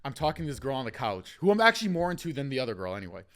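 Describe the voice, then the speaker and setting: Animated young man telling stories. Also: medium pitch, very fast. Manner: animated, acts out quotes, swears freely. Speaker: podcast host. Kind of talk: casual storytelling chat.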